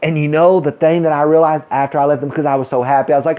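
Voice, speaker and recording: Man, sarcastic vlog rant, mock excitement, high voice, dull lo-fi audio. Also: fast, few pauses, clear, resonant tone. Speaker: vlogger.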